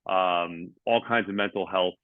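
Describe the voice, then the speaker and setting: A man's voice: deep voice, steady tone, a little slow, no room sound, phone-quality sound. A man, a sports coaching manager as guest, explaining step by step with many hesitant ums. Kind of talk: explanatory interview answers.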